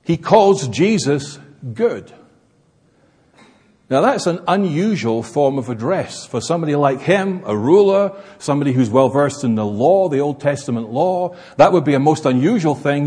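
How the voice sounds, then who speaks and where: Breathy, animated preacher in an echoing hall. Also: male voice, on the high side, normal speed. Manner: emphatic, expository. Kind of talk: sermon. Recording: echoey hall reverb.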